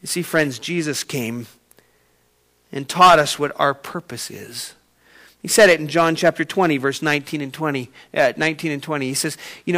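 High-voiced male preacher telling a story. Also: moderate pace. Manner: storytelling preacher, swings from soft to loud. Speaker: pastor. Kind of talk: sermon.

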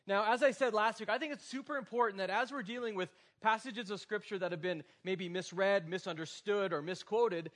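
A man's voice: high-pitched, fairly quick, few pauses, a bit bright. Casual, joking preacher man in his forties. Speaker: pastor. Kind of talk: sermon.

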